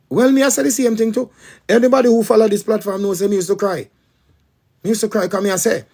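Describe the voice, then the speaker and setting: Man, Jamaican accent, high-pitched, patois sermon, emphatic, repetitive. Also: fairly even intonation, fast talker, darkish tone. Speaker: spiritual teacher. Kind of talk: preaching monologue.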